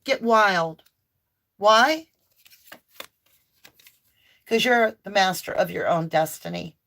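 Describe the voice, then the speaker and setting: A woman's voice: mid-range voice, fairly bright tone. A woman giving an impassioned, preachy tarot reading full of emphatic declarations. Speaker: tarot reader. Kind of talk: spiritual tarot reading monologue.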